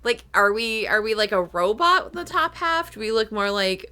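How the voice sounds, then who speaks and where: A woman co-hosting a podcast, thinking out loud in an animated, giggly way. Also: medium pitch, normal speed. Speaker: podcast co-host. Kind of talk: casual chat.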